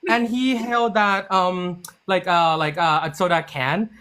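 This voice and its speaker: In a casual interview, a TV series writer-producer tells an animated story, performing quoted dialogue and often restarting sentences with "like." His voice is high-pitched, clear, and resonant, and he speaks slowly.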